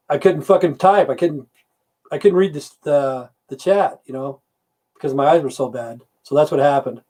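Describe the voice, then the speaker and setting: A middle-aged man with a fairly high, darkish voice chats casually on a livestream, answering viewers' comments. He rambles, swears, and loses his train of thought.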